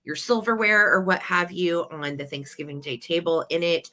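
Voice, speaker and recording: A woman hosting a live vintage sale stream, chatting enthusiastically as she pitches each item. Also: normal speed, pushed and bright. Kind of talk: live-stream sales chat.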